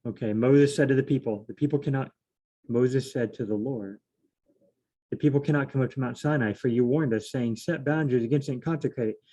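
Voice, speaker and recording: Mellow-voiced man musing over scripture. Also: mid-range voice, fairly quick. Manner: fumbling, self-correcting, reads verses aloud then paraphrases loosely. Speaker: solo Bible study host. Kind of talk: casual thinking-aloud scripture study.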